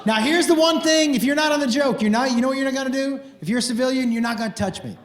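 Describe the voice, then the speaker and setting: A middle-aged man doing stand-up, telling crude stories in a playful, animated way with sudden loud outbursts. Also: very high voice, fast talker. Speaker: stand-up comedian. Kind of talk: stand-up storytelling. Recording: roomy echo with faint noise.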